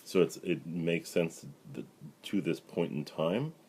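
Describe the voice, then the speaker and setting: A middle-aged male rabbi giving a relaxed spoken Bible lesson, with lots of fillers and "right?" asides to his listeners. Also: deep voice, slow, a little hiss or hum. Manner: conversational, many fillers and "right?" asides, paraphrases dialogue. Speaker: rabbi teaching the weekly Torah portion.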